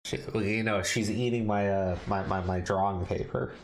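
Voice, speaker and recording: A man's voice: lowish voice, steady tone, normal speed, slight background noise. A man co-hosting a casual commentary podcast, reading an article aloud and breaking off to swear and react in disbelief.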